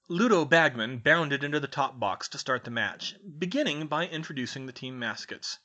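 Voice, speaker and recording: A man reading a fan fiction chapter aloud as narrator, with expressive storytelling. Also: medium pitch, moderate pace, few pauses. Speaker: audiobook reader.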